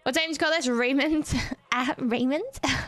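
A woman's voice: high-pitched, steady tone, normal speed, a bit bright. A woman in her twenties chatting casually on a livestream, greeting viewers one after another and laughing often. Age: 20s.

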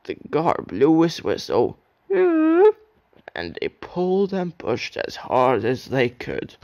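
A man's voice: fairly high pitch, wildly swooping pitch, slow, darkish tone, no room sound, dull audio. A young man reading a children's railway story aloud as an amateur narrator, with occasional slips.

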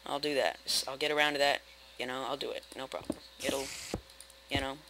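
A young man rambling through casual, self-mocking commentary while playing a building game, with sudden loud outbursts. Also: medium pitch, steady tone, fairly quick, noisy background. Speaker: gaming video host. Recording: game music playing behind. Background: game music.

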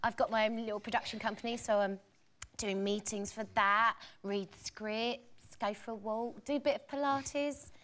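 A young woman with a posh English accent that slips into Cockney, chatting as a guest on a talk show, giggly and animated. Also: on the high side, moderate pace. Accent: posh English slipping into Cockney. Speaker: actress guest. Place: television studio with audience.

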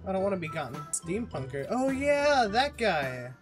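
A young man giving rambling, self-mocking commentary while playing a game, swinging between mumbles and loud outbursts. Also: sits high, very animated, moderate pace. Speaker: gaming YouTuber. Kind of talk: casual gameplay commentary. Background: game music.

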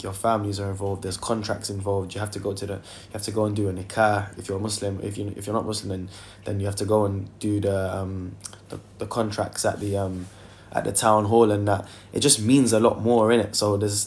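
On a phone livestream, a young singer chats casually in a fairly low-pitched voice, with a little hiss or hum in the audio. He reads viewer comments aloud in a loose, filler-heavy manner and softly sings now and then.

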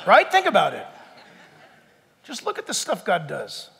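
A man's voice: high-pitched, wildly swooping pitch, measured pace, gravelly, sharp tone, slightly rough, long reverb tail. A male pastor preaching an impassioned sermon to his church, full of emphatic rhetorical questions and jokes. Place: church sanctuary.

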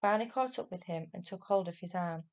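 A woman teacher reading a children's novel aloud at an even pace. Her voice carries a gravelly edge, and her storytelling stays steady and clear. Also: fairly low pitch, brisk, dull audio.

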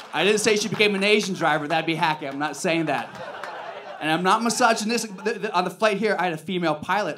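A male comedian works a club stage with a handheld mic, talking brashly and swearing freely. His speaking voice sits a little higher than most men's. It is a punchy stand-up delivery. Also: fairly bright tone.

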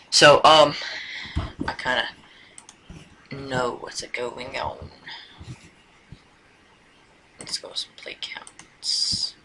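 A man narrating a video game in a slow, unhurried drawl, rambling and hesitant, with a mumbled whisper slipping in now and then. His desk mic picks up steady hiss and mouse clicks. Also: mid-range voice, poor audio. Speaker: gameplay commentator. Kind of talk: casual let's-play commentary.

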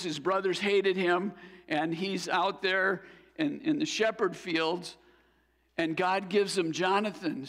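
Slow gravelly male preacher. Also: high voice, a bit bright, big-room sound. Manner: earnest, building to fervent exhortation. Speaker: pastor. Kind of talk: sermon. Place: church sanctuary.

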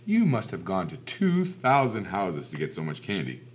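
A blunt, bossy storybook policeman, as a man reading aloud puts him on. He talks brusquely, with pitch that rises and falls a lot. The recording sounds dull and lo-fi. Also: wildly swooping pitch, moderate pace. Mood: gruff. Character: gruff male police officer, blunt.

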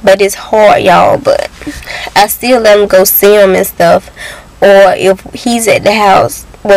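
A woman's voice: mid-range voice, low-quality recording. A young woman speaks straight to her phone camera from her car. Her talk is loose and casual, sprinkled with "y'all," and she keeps holding back tears as she goes on. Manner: emotional, near tears, addresses viewers as y'all. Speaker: vlogger. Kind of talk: casual personal vlog.

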